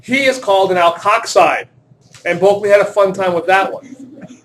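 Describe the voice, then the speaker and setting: A male chemistry teacher with a high-pitched, fairly bright voice lectures his class at normal speed. He jokes, pokes fun at himself, and quizzes students while working through problems.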